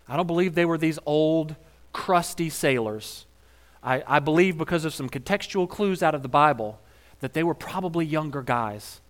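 A male pastor preaching a sermon in a conversational, wry way, retelling scenes with humor and swinging between quiet and emphatic moments. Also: a little high.

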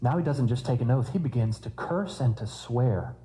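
Male preacher, warm mellow tone, chatty sermon with jokey asides. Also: medium pitch, animated, normal speed, faint music behind, poor audio. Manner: conversational preaching with humorous asides.

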